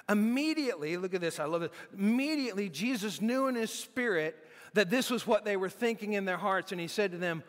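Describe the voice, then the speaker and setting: A man's voice: high voice, expressive, fairly quick, in a large hall. A man preaching a sermon in a conversational way, often restarting his sentences. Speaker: pastor.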